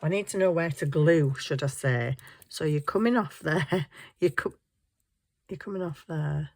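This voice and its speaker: A woman's voice: deep voice, measured pace, creaky. A woman chatting casually while crafting at home, tired, ditzy and giggly, muttering to herself as she hunts round her desk. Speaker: craft vlogger.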